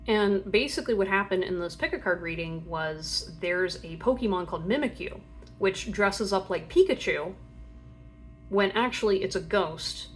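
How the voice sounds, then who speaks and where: A woman's voice: medium pitch, normal speed. A young woman giving a casual tarot reading, chatty and rambling with lots of fillers, often acting out playful voices for imagined people. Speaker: tarot reader.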